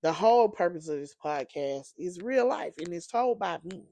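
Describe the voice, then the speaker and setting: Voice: medium pitch, animated, moderate pace, warm tone. A sleepy, yawning podcast host and apostle, rambling conversationally through a casual solo monologue with many fillers.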